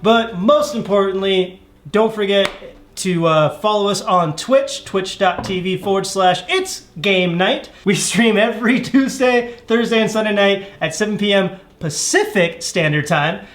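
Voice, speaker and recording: A man hosts a casual podcast with a notably high voice, tossing off dry remarks before he wraps up in an upbeat way. A faint hiss sits under the recording. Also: unhurried, fairly bright tone, reverberant. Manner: dry, wry reactions and an upbeat sign-off. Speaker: podcast host. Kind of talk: casual comedic chat.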